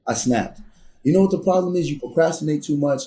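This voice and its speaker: A man's voice: on the high side, fast talker, roomy sound. A man guest on a podcast telling a personal story earnestly, acting out heated arguments with rising intensity. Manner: earnest, builds to loud re-enacted arguments. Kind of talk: candid storytelling.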